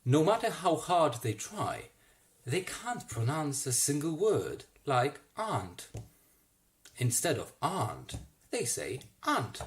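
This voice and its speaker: A stage actor reads a rhyming storybook slowly and with relish. The pitch rises and falls dramatically across each couplet. It is an unhurried, performed delivery for children. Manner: theatrical, slow and expressive. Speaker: theatre actor. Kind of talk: storybook reading in verse. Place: home, self-recorded.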